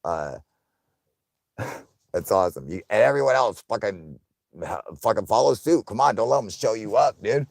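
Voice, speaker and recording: A young man hosting a casual livestream, swearing often, laughing, and loudly thanking viewers for donations. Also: fairly low pitch, lively intonation, moderate pace, vocal fry, pauses often, no echo, clean studio sound. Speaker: livestream host.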